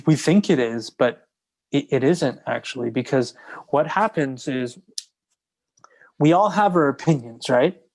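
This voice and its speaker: A man speaking as a guest in a casual podcast conversation, earnest and repetitive, restarting phrases as he builds to his points. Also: mid-range voice.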